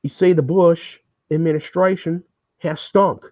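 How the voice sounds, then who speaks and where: A man putting on the voice of a folksy male governor giving a campaign speech in a raised, smooth voice. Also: on the high side, fairly even intonation, measured pace, no echo, voice pushed up, natural voice. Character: middle-aged male Southern governor running for president, folksy and smooth. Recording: tinny, phone-like, dry sound.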